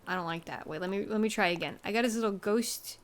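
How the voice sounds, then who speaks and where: A woman's voice: mid-range voice, fast. A woman streamer chatting casually while she plays a game, wry and self-mocking with rambling asides. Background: faint game music.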